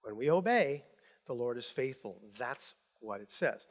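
A man preaching a sermon as a pastor tells stories animatedly and acts out the people he quotes. His voice is mid-range and his delivery a little slow.

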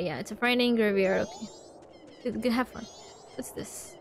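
A woman's voice: fairly high pitch, huge pitch swings, normal speed, gravelly, a little hiss or hum. Chatty woman narrating her gameplay. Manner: chatty, talks back to game characters. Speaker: let's play host. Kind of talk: casual gameplay commentary.

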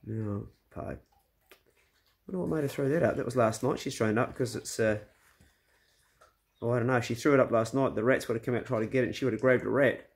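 A man's voice: medium pitch, brisk, long pauses, husky, no echo. A middle-aged man chatting casually into his phone camera outdoors on a rural property, easygoing and blunt with mild swearing, often talking to his dogs in a raised, coaxing voice. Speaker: hunter and vlogger. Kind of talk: casual vlog chat.

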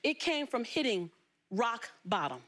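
High-pitched woman from LA telling her story on a talk show, big emphatic delivery. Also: very animated, a little slow, a bit bright. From Los Angeles. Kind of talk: storytelling interview.

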